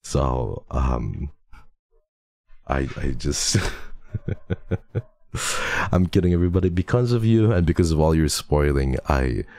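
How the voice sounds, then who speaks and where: This stream host, battling a cold, chats with viewers slowly and leaves long pauses, his extremely low voice animated, creaky and a little mellow. He's playful and teasing, laughs frequently, and slips in endearments in Tagalog and Korean while reading chat, recorded dry.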